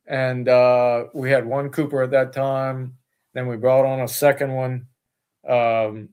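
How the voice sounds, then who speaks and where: A man, the owner of a distillery, talking as a guest in a casual interview, rambling with many fillers and restarts. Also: medium pitch.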